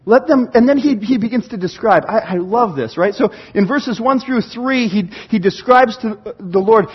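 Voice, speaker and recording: High-voiced man preaching a sermon. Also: normal speed, hardly any pauses, husky, lo-fi sound. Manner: animated, rhetorical questions, swings between hushed and loud. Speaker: pastor.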